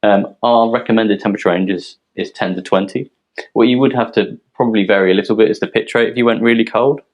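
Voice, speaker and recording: A man from a yeast company presenting technical details in a relaxed, explanatory way, with frequent ums. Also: fairly low pitch, quick pace, rough recording. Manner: explanatory, filler-heavy, relaxed.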